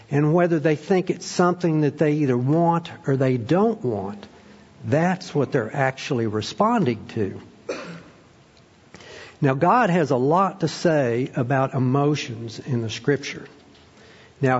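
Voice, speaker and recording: A man's voice: on the high side, slightly rough, big-room sound, lo-fi sound. A man preaching a sermon as pastor, praying and then teaching, with frequent "uh" fillers. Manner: prayerful then animated storytelling, frequent fillers.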